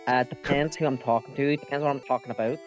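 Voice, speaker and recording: Excitable man commentating a game. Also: mid-range voice, quick pace, soft background music. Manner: excitable, rising to shouts at big moments. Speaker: guest commentator. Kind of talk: football-style play-by-play commentary.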